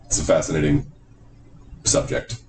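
A man co-hosting a podcast in casual chat, rambling, animated and swearing freely. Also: rumbling low, moderate pace. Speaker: podcast co-host. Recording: echoey room, far from mic, noisy.

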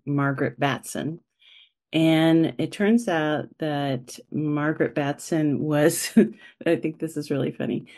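A woman co-host explains things in a slow, measured way with a teacherly tone. Her voice is on the low side, and she takes her time between phrases. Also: darkish tone. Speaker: podcast co-host. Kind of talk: casual family podcast chat.

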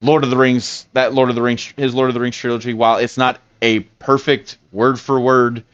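A man's voice: mid-range voice, little pitch movement, moderate pace, clean tone, no echo, lo-fi sound. A man co-hosting a podcast, talking casually and rambling with frequent restarts and fillers. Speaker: podcast co-host. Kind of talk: casual chat.

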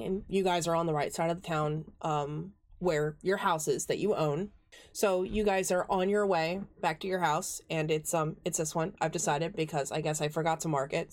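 A woman's voice: deep voice, darkish tone. Chatty woman running a tabletop game. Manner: chatty, meandering narration with fillers. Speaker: game master.

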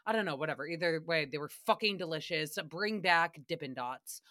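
A woman's voice: low-pitched, lively intonation, fairly quick, pushed and bright. A young adult woman hosting a casual solo podcast recap, chatty, profane and sarcastic. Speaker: podcast host recapping a radio show.

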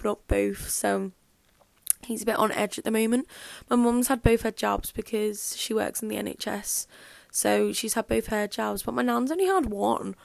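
Chatty young woman, high voice. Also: vocal fry, dry recording. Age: young adult. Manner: chatty and rambling, fills speech with "like" and "um". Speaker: podcast host. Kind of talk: casual solo podcast chat.

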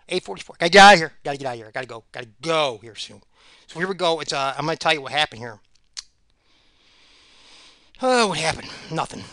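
A man's voice: fairly high pitch, bright, forceful tone, no room sound. A man giving rambling solo commentary on fight picks, sarcastic and ranting, repeating himself.

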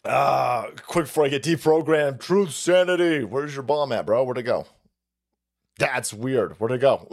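A middle-aged man hosting a livestream, crude and rambling, joking and laughing, his voice fried and gravelly. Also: a little high, animated, moderate pace. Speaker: livestream host. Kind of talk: foul-mouthed political rant stream.

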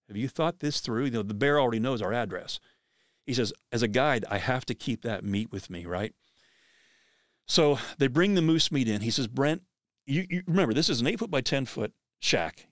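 A man hosting a podcast, telling a story in an animated way, acting out the quoted speech of the people in it. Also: medium pitch, no room sound, studio quality.

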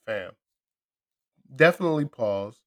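A man hosting a casual chat with a friend, talking loud, profane and animated, often laughing. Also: mid-range voice, unhurried. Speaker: podcast host.

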